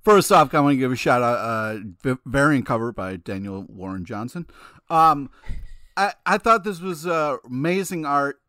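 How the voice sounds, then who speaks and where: A man co-hosting a casual comic review chat, talking in an excitable, rambling way. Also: mid-range voice, normal speed, no echo, clean studio sound. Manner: excitable, rambling, many fillers. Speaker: co-host.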